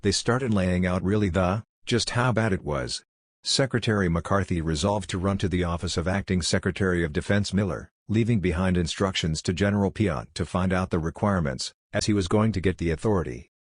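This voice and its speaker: A man reading a government report aloud in a steady, measured way. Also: deep voice, dry recording, studio quality. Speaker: report reader.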